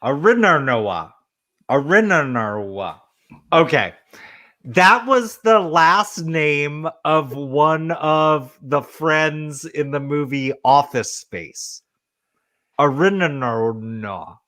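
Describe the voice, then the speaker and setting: A man chatting casually as a podcast panelist, musing in a drawn-out, halting way. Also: on the high side, sharp tone. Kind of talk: casual chat.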